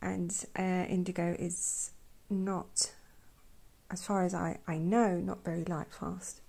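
A woman speaks in a slow, hushed voice with a gravelly fry at the ends of her words. She often drops into a whisper, then gushes effusively about what she is looking at. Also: on the low side, little pitch movement. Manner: gushing, effusive, trails off into whispers. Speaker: art vlogger. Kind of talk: soft-spoken swatching commentary.

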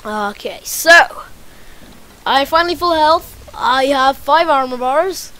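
A woman hosting a let's play, commentating excitedly as she plays, swearing often and repeating phrases over and over. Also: high voice, slow pace. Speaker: gaming channel host.

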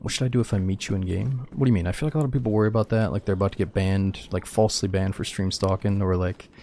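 A man chats his way through a survival game stream, calling everyone "dude" and swearing freely. His voice is low with a gravelly fry, and he talks at a quick clip. A faint hiss of noise sits under his headset mic. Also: steady tone, warm tone. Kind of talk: casual gameplay commentary.

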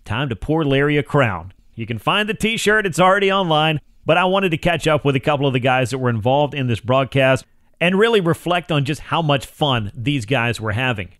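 A man hosting a sports radio talk show, delivering an energetic, polished broadcaster read. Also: a little high, fairly quick, dry recording, studio quality. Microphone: studio microphone.

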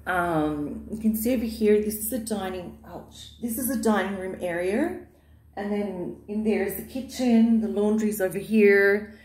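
A woman's voice: mid-range voice, measured pace, a little mellow, slight background noise. A woman chatting casually in her vlog, gushing and affectionate, with lots of fillers, filmed in the living room of her new home. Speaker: vlogger. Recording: echoey bare room.

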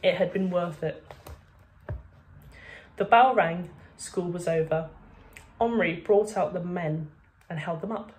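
Brief: woman reader, lowish voice, expressive storybook read-aloud. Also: slow, long pauses.

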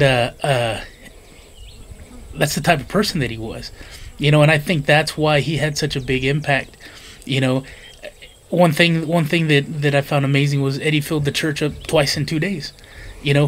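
A man's voice: fairly high pitch, normal speed, a little hiss or hum. A middle-aged man reflecting on his late brother in casual family conversation, bluntly and with some cursing. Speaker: brother sharing memories.

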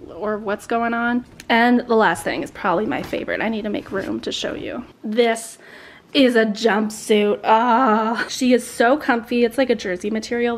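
A young woman vlogging a casual try-on haul, chatty and gushing, laughing often as she talks. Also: fairly high pitch.

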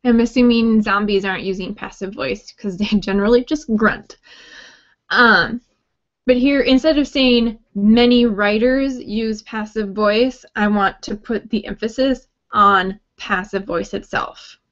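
A woman teaching a grammar workshop at an unhurried pace, friendly and explanatory, with light joking asides. Her voice sits at a middling pitch. The sound is slightly dull and lo-fi. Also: fairly even intonation. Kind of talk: recorded grammar lesson talk.

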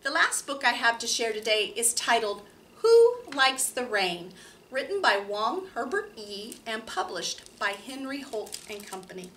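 Woman librarian, storytime reader, slow and bright-toned, a bit off-mic. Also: fairly high pitch, recorded from a distance, a little hiss or hum, poor audio. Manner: slow, expressive, gentle. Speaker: children's librarian. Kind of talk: children's storytime read-aloud.

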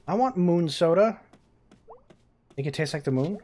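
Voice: medium pitch, lively intonation, normal speed, darkish tone. A streamer casually chatting and rambling while playing a video game, swearing now and then. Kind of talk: casual gaming stream chat.

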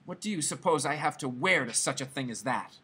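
A vain, discontented young wife whines and pleads in a plaintive storybook voice, as a male reader puts her on. Her lines swing up and down, with a husky grain under them. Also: medium pitch, expressive, a little fast, sharp tone, full character voice. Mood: petulant.

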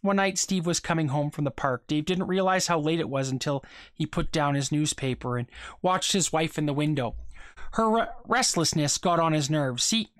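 A reader narrating a short story aloud for a class, in a steady, measured way. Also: medium pitch, dry recording, studio quality.

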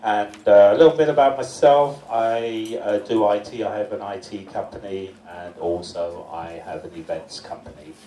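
Mellow man introducing himself in a hall. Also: lowish voice, normal speed, few pauses, slight background noise. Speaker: panel chair. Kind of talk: self-introduction. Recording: echoey hall, distant mic.

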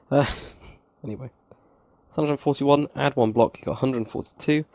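Man, game tutorial host, raspy edge, counting aloud, casual asides. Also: mid-range voice, a little fast, darkish tone, no echo. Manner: counts blocks aloud, chatty asides, self-mocking. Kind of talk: casual screen-recorded building tutorial.

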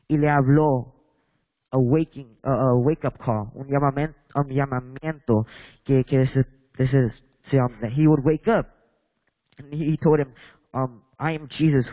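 A man preaching a bilingual sermon in a church, reading scripture and switching between English and Spanish with halting restarts while questioning the congregation. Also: medium pitch, dry recording, long reverb tail, narrow, tinny audio.

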